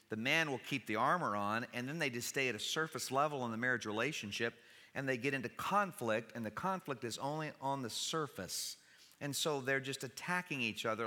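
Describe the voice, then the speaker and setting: Bright-voiced man preaching in a reverberant church. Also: mid-range voice. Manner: conversational preaching with wry humor. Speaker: pastor. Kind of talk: sermon. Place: church sanctuary.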